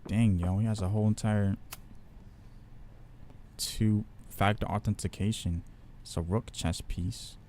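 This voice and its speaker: Streamer dude reacting to a game, low voice, mellow and dark, slangy. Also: male voice, fairly even intonation, a little slow, long pauses, a little hiss or hum. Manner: slangy, loose, reacting aloud. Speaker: gaming streamer. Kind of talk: casual gameplay commentary.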